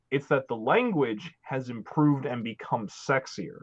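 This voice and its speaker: A man chatting as a guest on a live stream, arguing his point with profanity and quick restarts. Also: on the high side, very animated, fairly bright tone, highs cut off. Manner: argumentative, profane, stammering restarts. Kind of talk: casual chat on a live stream.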